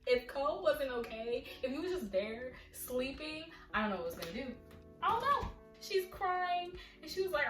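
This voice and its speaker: A woman excitedly reviewing a manga volume in a casual vlog, retelling scenes with acted-out lines. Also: high-pitched, normal speed. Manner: animated, dramatic retelling with acted-out quotes. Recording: echoey room, slightly distant mic, faint music.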